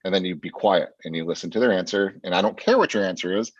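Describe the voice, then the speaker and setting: A man's voice: deep voice, quick pace, hardly any pauses, no room sound. Blunt man coaching a sales team. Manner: punchy and blunt, keeps asking "right?". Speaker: sales trainer. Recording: dull, dry, lo-fi sound.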